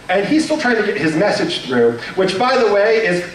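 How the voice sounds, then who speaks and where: A man's voice: high voice, sing-song, moderate pace, few pauses, a little hiss or hum. A young man doing a stand-up comedy set on a club stage, telling stories in a nervous, self-deprecating way full of fillers and restarts. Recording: echoey room, mic heard from a distance.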